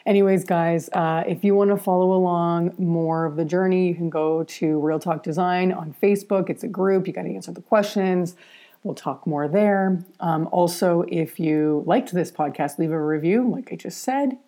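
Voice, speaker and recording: A woman's voice: on the low side, moderate pace, warm tone. Candid, salty-mouthed woman podcast host. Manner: candid and blunt, swears freely, chatty with many fillers. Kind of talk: casual podcast chat.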